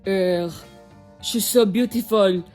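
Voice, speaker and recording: A woman putting on a halting, flirty French man. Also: mid-range voice, darkish tone, soft background music, natural voice. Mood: smooth flirting. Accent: put-on French. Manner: hesitant, halting with "uh" fillers.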